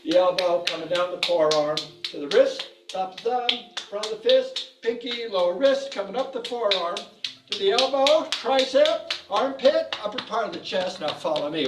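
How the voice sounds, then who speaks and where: A man with a high, light voice leads an exercise class, calling out body cues in an upbeat, coaxing way and breaking into chanted laughs. He sounds a little away from the mic, in an echoey room, with faint music playing behind him. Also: lively intonation, normal speed, far from the mic. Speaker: fitness instructor. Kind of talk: guided exercise class instruction.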